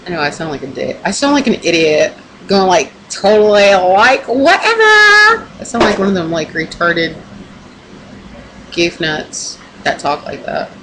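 A young vlogger addresses her camera at home with a casual pep talk, rambling, emphatic, and swearing heavily, captured in a noisy recording. She sounds animated, her voice sitting low at a moderate pace.

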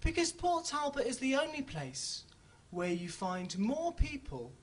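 A man doing a stand-up comedy routine on a club stage, telling stories with sudden loud bursts. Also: extremely high pitch, big pitch swings, unhurried, breathy edge.

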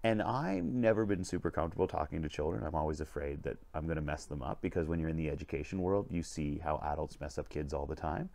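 A man hosting a vlog, telling a story in a conversational, animated way from inside a vintage train lounge car. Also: rumbling low, fast talker, creaky, hardly any pauses. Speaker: vlog host and leadership speaker.

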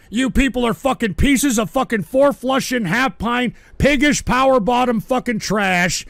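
An older man hosting a live show, ranting profanely at his chat and often shouting. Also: very high-pitched, a little slow, hardly any pauses, no echo. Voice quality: gravelly. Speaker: radio show host reading chat. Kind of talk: ranting live stream talk.

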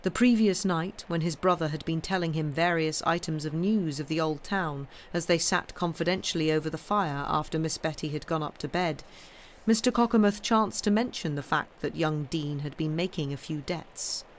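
A woman reading a classic story aloud on a live stream, with steady, expressive narration. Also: low voice, moderate pace, slight background noise. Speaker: reader of classic stories.

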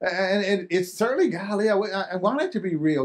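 A pastor preaching a sermon, emphatic and repetitive, stumbling over restarts, dropping low and soft, then rising loud. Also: male voice, expressive, fairly quick, few pauses. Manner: swings between loud and soft, acting out quotes.

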